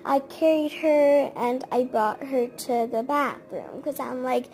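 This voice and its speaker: Casting: high-pitched, slow-paced woman, casual storytime narrator, animated. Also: soft background music, low-quality recording. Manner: chatty, animated retelling with quoted dialogue. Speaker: storyteller recounting babysitting.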